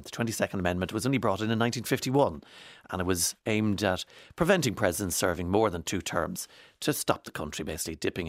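Male presenter, lowish voice, dry studio, rambling news commentary. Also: no echo. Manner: chatty, digressive, many fillers. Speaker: radio presenter.

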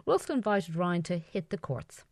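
A woman with a low, expressive voice reads wry scripted links between clips. The sound is dry and close. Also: moderate pace, no room sound. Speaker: radio presenter.

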